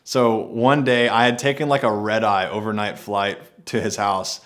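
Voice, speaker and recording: A man's voice: on the low side, little pitch movement, moderate pace, fairly bright tone. A man telling a personal adventure story to camera in a laid-back, rambling way, often saying "like".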